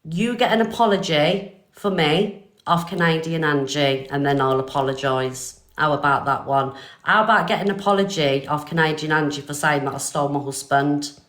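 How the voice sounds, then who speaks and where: Older woman, live stream host, blunt, low-pitched, roomy echo. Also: normal speed, a bit bright. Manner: blunt, defiant, swearing. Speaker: livestream host.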